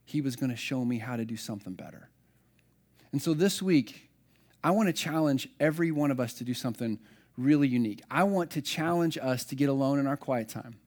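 A man's voice: on the high side, darkish tone. A middle-aged man preaching a sermon, telling personal stories in a conversational, self-deprecating way. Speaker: pastor.

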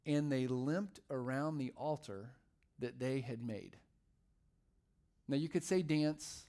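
A man's voice: medium pitch, slow pace, long pauses, warm tone. A male pastor preaching a sermon in a conversational, humorous storytelling way.

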